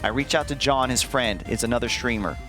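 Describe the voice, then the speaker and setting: With faint music in the background, a streamer tells his chat a story briskly in a mid-range voice, animated and profane, acting out the lines he quotes.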